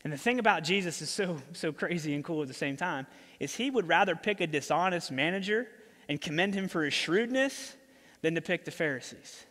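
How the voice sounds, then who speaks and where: Pastor, male, high voice, casual storytelling sermon, church hall reverb. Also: lively intonation, fairly quick, a bit bright.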